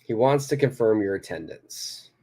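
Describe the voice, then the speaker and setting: A man's voice: fairly low pitch, expressive, normal speed, dark tone, slightly rough. A man teaching an English lesson, patiently explaining phrases and repeating examples aloud. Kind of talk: live online grammar lesson.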